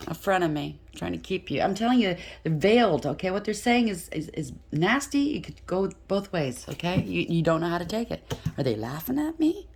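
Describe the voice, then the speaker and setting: A woman's voice: on the low side, animated, fairly quick, creaky, darkish tone, a little hiss or hum. A woman giving a casual tarot reading, chatty and blunt, thinking aloud and swearing freely. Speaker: tarot reader.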